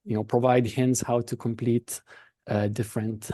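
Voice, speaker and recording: A man's voice: mid-range voice, little pitch movement, moderate pace, dark tone, no echo. A man with a Lithuanian accent, a podcast guest and company founder, explaining his work in a thoughtful, conversational way, often restarting his sentences.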